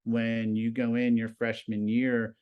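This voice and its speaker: A man in his fifties, a high school TV production teacher, telling stories casually as a guest and acting out the conversations he quotes. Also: slow, smooth, lo-fi sound. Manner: animated, acts out quoted conversations. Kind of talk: casual storytelling.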